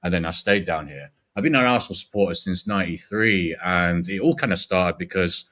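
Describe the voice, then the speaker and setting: Low-voiced man with a faint Yorkshire accent. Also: a little fast, fairly bright tone. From Yorkshire, England. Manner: rambling, sweary, laughs easily. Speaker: fan stream host. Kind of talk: casual chat.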